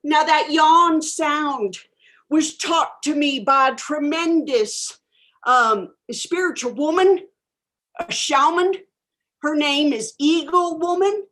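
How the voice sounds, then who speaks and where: A woman playing a dreamy high-voiced new-age guru. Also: slow pace, a bit bright. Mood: spacey. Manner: dreamy, rambling, self-absorbed. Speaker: improv performer. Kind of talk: improvised character comedy. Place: home bedroom.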